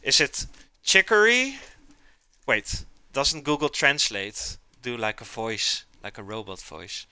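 A man's voice: lowish voice, a little slow, few pauses, pushed and bright, dry recording. A man chatting casually to his live chat while he cooks, rambling as he goes. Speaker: streamer cooking live.

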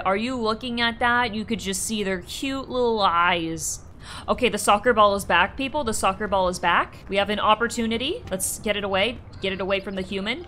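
A young woman giving playful gameplay commentary, talking to game characters in an animated way. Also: medium pitch, brisk, a little hiss or hum. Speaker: gaming streamer.

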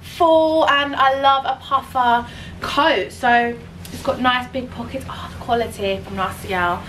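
A young woman chatting enthusiastically in a casual fashion haul vlog, chiming in with quick agreement. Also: fairly high pitch, fairly even intonation, fairly bright tone, far from the mic, slight background noise, poor audio. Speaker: fashion vlogger.

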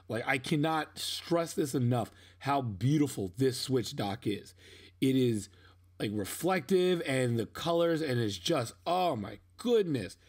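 A young man talking casually over his own unboxing video, rambling and poking fun at himself, with sudden excited outbursts. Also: mid-range voice. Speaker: unboxing vlogger.

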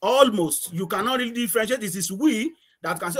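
A man's voice: high voice, lively intonation, a little fast, a bit bright, breathy edge. A middle-aged man from Nigeria, a guest chatting casually in an interview, rambling, repeating words and laughing often.

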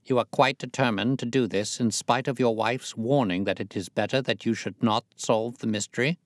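A man voicing a calm, measured Victorian detective in an audiobook reading. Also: mid-range voice, dry recording, lightly acted.

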